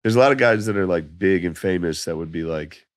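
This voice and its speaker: A man telling laid-back, profane stories as a comedian guest on a podcast, his voice going hoarse. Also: deep voice, fairly quick, no echo, studio quality. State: losing his voice. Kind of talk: casual podcast chat.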